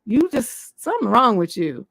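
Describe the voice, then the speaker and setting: A woman's voice: fairly high pitch, big pitch swings, moderate pace, gravelly, fairly bright tone, slightly rough, no room sound. A woman hosting a live relationship advice show, answering letters in a blunt, scolding, profane manner. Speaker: relationship coach and livestream host.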